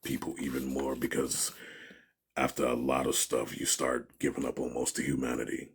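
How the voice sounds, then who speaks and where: A man's voice: extremely low pitch, normal speed, gravelly, breathy edge. A man giving an interview, telling a story in a casual way and acting out what people said. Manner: animated storyteller, acts out quotes, laughs often. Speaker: interview guest.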